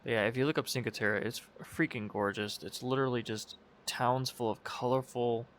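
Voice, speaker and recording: A man's voice: mid-range voice, fairly even intonation, a little fast, fairly bright tone, slight background noise. A young man casually commenting while flying in a game, rambling, correcting himself, and sounding half awake. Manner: rambling, self-correcting, sleepy. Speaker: gaming video creator. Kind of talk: casual live commentary over a flight game.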